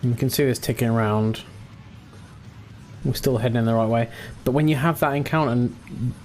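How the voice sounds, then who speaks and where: A relaxed man casually commentating his own space game, chatty with mild swearing, into a desk mic at his computer. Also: mid-range voice, normal speed, faint music behind. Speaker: gaming channel host.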